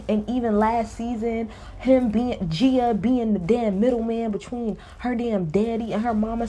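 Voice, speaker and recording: A woman's voice: on the high side, darkish tone, a little hiss or hum. A woman recapping a reality show in a casual, blunt, opinionated way, swearing freely.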